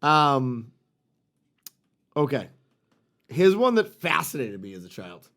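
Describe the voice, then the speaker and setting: A man's voice: mid-range voice, sing-song, takes it slowly, a bit bright. A middle-aged man co-hosting a podcast, ranting and swearing in casual chat. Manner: profane, ranting. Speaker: podcast co-host.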